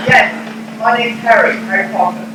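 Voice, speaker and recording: A man playing a young British wizard in a live stage parody, talking in an awkward, hesitant way. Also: sits high. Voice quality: hesitant, stumbling, shy. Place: convention room, stage. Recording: echoey hall, noisy live audience room.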